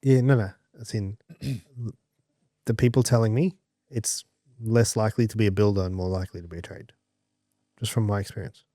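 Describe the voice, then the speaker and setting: A man co-hosting a casual podcast, relaxed and quick to laugh, with some hesitant fillers. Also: fairly low pitch, dry recording, clean studio sound. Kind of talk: casual chat.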